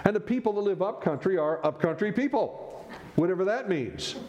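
A man preaching a sermon as pastor, animated and joking with the congregation between points. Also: high-pitched, normal speed, muffled recording, a crowd in the background.

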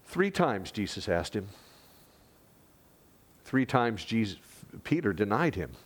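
A man's voice: lowish voice, very animated, slow pace, slightly rough. Earnest male pastor preaching. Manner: earnest, conversational, with dramatic drops to a hush. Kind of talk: sermon.

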